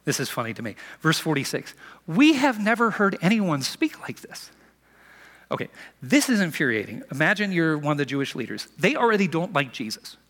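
A man preaching a sermon as a pastor, in an animated, conversational storytelling manner, in a church sanctuary. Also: a little high. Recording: long reverb of a large hall.

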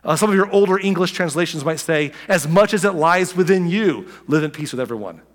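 A man's voice: a little high, lively intonation, a little fast. Conversational male pastor in a reverberant hall. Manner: conversational preaching with many asides and restarts. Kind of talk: sermon.

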